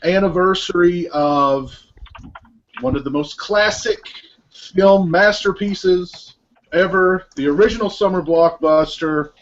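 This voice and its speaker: A man's voice: sits high, slow, highs cut off. A man acting as moderator of a casual group film commentary, introducing each guest and laughing often.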